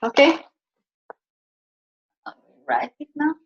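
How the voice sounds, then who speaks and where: A woman from Slovenia teaching Chinese pronunciation over a video call, patiently repeating each sound for her students. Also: slow. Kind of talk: online pronunciation lesson. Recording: muffled video-call audio.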